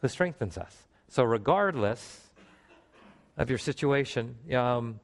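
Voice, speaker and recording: A man preaching a sermon to a congregation, animated, with emphatic rises and calls for response in a church. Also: mid-range voice, takes it slowly. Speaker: pastor.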